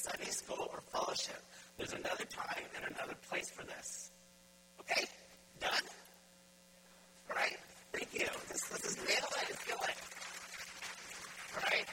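In a church, a male pastor preaches a sermon, directing repeated, pointed questions at his congregation. Loud background noise runs through the recording.

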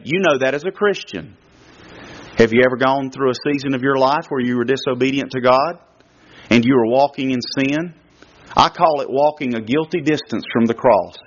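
A man preaching a sermon as a guest speaker at a church service, emphatic and full of rhetorical questions. His pitch swings widely as he talks. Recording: lo-fi dull recording.

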